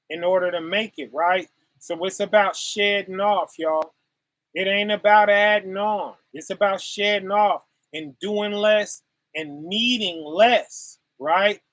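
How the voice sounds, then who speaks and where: A man's voice: high-pitched, a bit bright, no room sound. A man preaching informally on scripture in a folksy, repetitive way, tagging his points with "right?" and "y'all".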